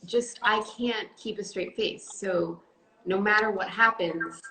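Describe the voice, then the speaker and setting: A woman chatting casually on a phone live stream, telling stories in an animated, giggly way. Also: medium pitch, slow pace. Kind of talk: casual chat. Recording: echoey room, faint noise.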